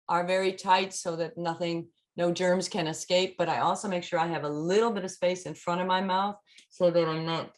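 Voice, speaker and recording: A woman voice and text coach talking casually in an online chat, with frequent fillers as she demonstrates speaking tips. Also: lowish voice. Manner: chatty, many fillers, demonstrates lines.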